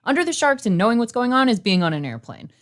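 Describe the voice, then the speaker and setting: A woman co-hosting a podcast, chatting casually about a film with quick, laughing banter. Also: on the high side, very animated. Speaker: podcast co-host. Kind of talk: casual chat.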